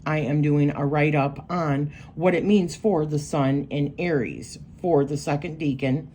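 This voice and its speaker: A woman's voice: sits low, fairly even intonation, unhurried, mellow, a little hiss or hum. A woman giving a casual, rambling walkthrough of her astrology journal pages, thinking aloud with lots of fillers. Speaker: tarot and astrology creator.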